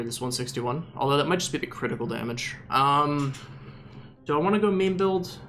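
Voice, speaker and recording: Bright-voiced joking man from the Southern US. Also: mid-range voice. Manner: rambling, self-mocking jokes. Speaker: gaming video host. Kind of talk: gameplay commentary.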